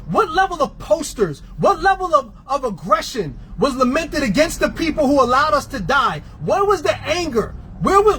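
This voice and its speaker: A man's voice: very high-pitched, fairly bright tone, slight background noise, low-quality recording. A man from New York, a transit union member, delivering a fiery, sarcastic rant full of rhetorical questions. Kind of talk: impassioned rant.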